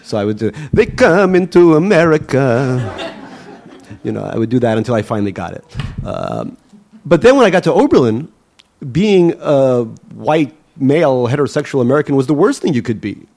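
Gravelly-voiced man musing with dry wit. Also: medium pitch, expressive, brisk, dark tone. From Russia. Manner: wry, musing, with many fillers and restarts. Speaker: author, interview guest. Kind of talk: conversational interview answers.

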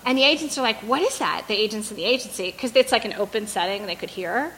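A woman's voice: a little high, expressive, very fast, fairly bright tone, slight background noise, low-quality recording. A woman, a debut novelist, speaking candidly to an audience at a bookstore event, chatty and frank with many fillers. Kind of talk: candid talk at a book event.

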